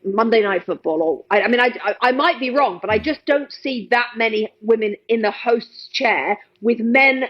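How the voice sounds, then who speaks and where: A woman's voice: on the high side, moderate pace, hardly any pauses, lo-fi sound. A middle-aged woman with an English accent, a sports television host chatting as a podcast guest in an emphatic, earnest way. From England. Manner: emphatic, earnest, repeats words for stress. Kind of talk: casual interview chat.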